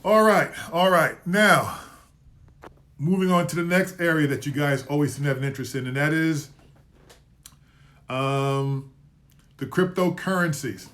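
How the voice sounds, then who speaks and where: A man with a slightly high-pitched voice hosts a live market stream. He talks casually and loosely, stumbling and correcting himself as he reads off support and resistance levels. He repeats his trade calls several times. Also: unhurried, long pauses, fairly bright tone. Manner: casual, self-correcting, trips over words. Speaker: market commentary host.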